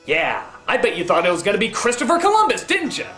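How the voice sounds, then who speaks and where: A man giving a comedic film review, ranting and exasperated, breaking into shouts. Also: high voice, huge pitch swings, fast talker, reverberant, faint music behind.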